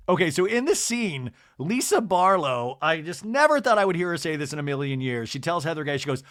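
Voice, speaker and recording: A man's voice: a little high, sing-song, brisk, few pauses, fairly bright tone, no room sound, studio quality. A man hosting a comedy podcast, recapping a reality show in a gossipy, dramatic way and mimicking the people in it. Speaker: podcast host.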